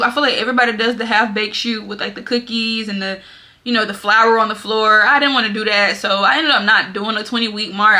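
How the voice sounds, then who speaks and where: Young woman, vlogger, casual storytelling, dramatic and animated, very bright tone. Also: a little high. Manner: animated, dramatic storytelling, often addresses viewers as y'all.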